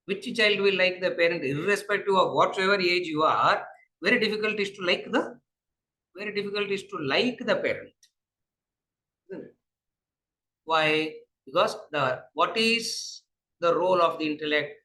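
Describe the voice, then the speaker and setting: Tamil-accented male lecturer, bright and high, circles back on his own lines in class. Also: normal speed, low-quality recording. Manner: rhetorical questions, repeats phrases, drops to asides. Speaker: spiritual lecturer.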